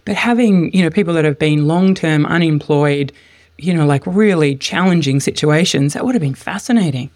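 A man's voice: fairly high pitch, normal speed, darkish tone, no room sound, studio quality. A male podcast host asking enthusiastic, rambling questions full of fillers. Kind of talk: interview questions.

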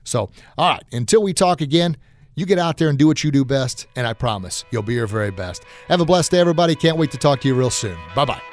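A man's voice: medium pitch, animated, quick pace, faint music behind. A man hosting a motivational podcast, talking in a folksy, encouraging way with frequent filler words. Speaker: podcast host. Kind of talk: motivational talk.

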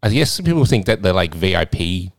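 A man's voice: sits low, sing-song, a little fast, creaky, no echo, clean studio sound. A man hosting a podcast, chatting casually and jokily with frequent restarts. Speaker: podcast host.

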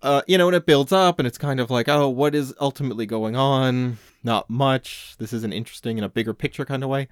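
A man's voice: medium pitch, fast talker, hardly any pauses, clear, resonant tone, no room sound, studio quality. A man co-hosting a casual comic-book podcast, rambling with many fillers and restarts. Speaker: podcast co-host. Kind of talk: casual chat.

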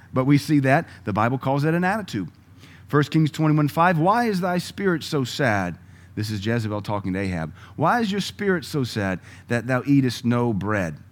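A man preaching a sermon, moving between loud emphatic lines and quiet asides and chuckling with the congregation. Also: medium pitch. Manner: laughs often, conversational asides to the congregation.

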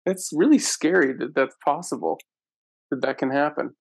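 A man's voice: fairly high pitch, normal speed, gravelly, no echo. A man hosting a casual interview, asking long, thoughtful, winding questions. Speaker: host.

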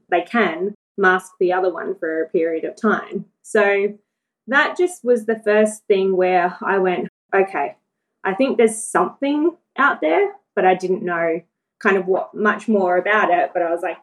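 A woman, talking in a lower register. She tells her story in a relaxed, chatty way, laughs often and slips into the voices of the people she quotes. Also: moderate pace, low-quality recording. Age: 40s. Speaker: guest. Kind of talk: casual storytelling interview.

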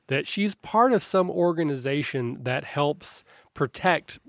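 A man narrating a tabletop role-playing game as game master, describing scenes in a relaxed, rambling way. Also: fairly high pitch, a little slow, no echo, studio quality. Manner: descriptive, relaxed, with frequent restarts.

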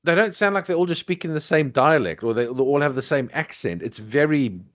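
A man's voice: fairly high pitch, fairly quick. Chatty man with lots of fillers. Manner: animated, many fillers and restarts. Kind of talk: casual chat.

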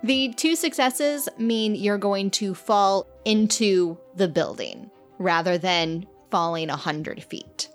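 A woman game master narrating a tabletop game in a measured, descriptive way. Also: mid-range voice, soft background music. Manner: measured, descriptive scene-setting.

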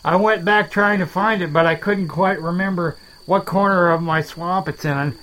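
A man voicing a rambling, self-deprecating alligator in a swamp, talking in halting starts in a comedy dialogue. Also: high-pitched, a bit bright, low-quality recording. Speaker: main character of a comedy podcast.

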